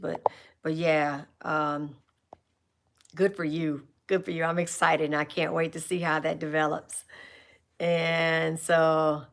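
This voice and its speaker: A Californian woman hosts a casual live chat from her RV, answering viewers' questions in a rambling, chatty way full of restarts and asides. She sits low.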